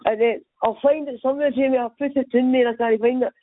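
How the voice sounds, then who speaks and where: A man's voice: very high voice, fairly even intonation, fast, dry recording. A man voicing a chaotic, swearing Scottish woman who rambles and gets flustered on a phone call. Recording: tinny phone line.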